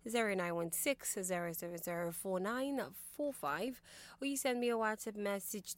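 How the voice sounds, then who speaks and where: Reassuring radio host, woman. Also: mid-range voice. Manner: earnest and reassuring, moving between soft near-whispers and louder pleading. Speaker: radio call-in show host. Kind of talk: encouraging radio talk to listeners. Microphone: studio microphone.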